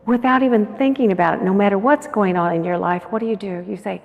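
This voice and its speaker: Gravelly-voiced woman speaking in an echoey hall. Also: mid-range voice, fast talker, hardly any pauses, dull audio. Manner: earnest, coaxing, asks the audience questions. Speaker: conference keynote speaker. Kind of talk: motivational conference talk. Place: large conference hall.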